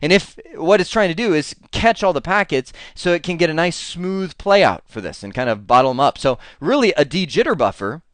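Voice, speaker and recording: A man's voice: a little high, expressive, brisk, few pauses, clear, resonant tone, no echo. Man giving a casual technical lecture. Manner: conversational, many fillers and restarts. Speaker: networking instructor.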